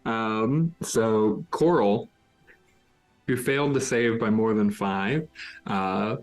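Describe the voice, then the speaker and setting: A man narrating as game master of a tabletop game, hesitant, with many pauses and restarts. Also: on the low side, faint music behind.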